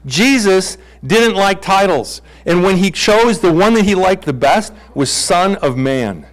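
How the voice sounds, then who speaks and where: A man's voice: high voice, expressive, a little slow, rough recording. A middle-aged male pastor giving a conversational sermon, playfully acting out bible characters in comic voices.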